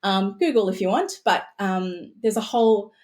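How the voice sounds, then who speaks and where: A woman's voice: mid-range voice, expressive, moderate pace, darkish tone. Eager woman historian. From Australia. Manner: eager, academic, thinks aloud while explaining. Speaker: guest historian. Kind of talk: podcast conversation.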